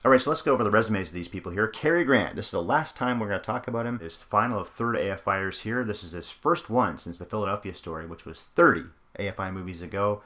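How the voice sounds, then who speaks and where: A man with a very deep, low-pitched voice co-hosts a casual talk about old films. He is chatty and reflective, and his voice often sinks lower and quieter as a thought winds down. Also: animated, fast, hardly any pauses. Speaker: podcast co-host. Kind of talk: casual film discussion.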